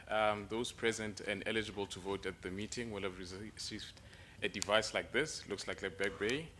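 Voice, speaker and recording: A man with a South African accent giving clear step-by-step instructions to a meeting audience. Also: lowish voice, sharp tone, a little hiss or hum. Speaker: presenter explaining voting devices. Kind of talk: instructional announcement.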